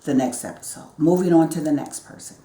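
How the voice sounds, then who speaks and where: A woman co-hosting a casual reality show recap, reacting in an animated, emphatic way. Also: deep voice, brisk. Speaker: show co-host. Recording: echoey room.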